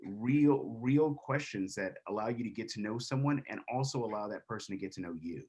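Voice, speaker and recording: A man's voice: lowish voice, brisk, a little mellow, husky. A man who works as a DJ and producer, chatting on an online panel in a friendly way and jumping in to add his points. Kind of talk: panel discussion.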